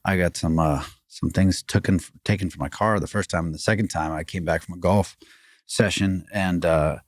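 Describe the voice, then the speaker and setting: Low-voiced man telling a rambling story. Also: moderate pace, no echo, studio quality. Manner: rambling, animated, many restarts and fillers. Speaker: podcast guest, former fighting champion. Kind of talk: casual storytelling chat.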